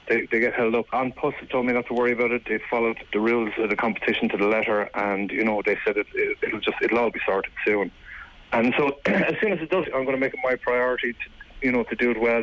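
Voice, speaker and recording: A man's voice: medium pitch, fairly bright tone, muffled recording. An Irish man, a comedian, chatting casually on a radio show, rambling and self-deprecating with many restarts. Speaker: comedian and regular guest.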